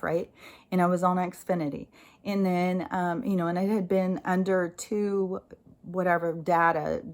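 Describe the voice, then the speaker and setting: An American woman talking casually to camera as a spiritual vlogger, swearing freely as she vents and reflects. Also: fairly low pitch. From United States. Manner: profane, ranting and animated. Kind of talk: casual spoken monologue.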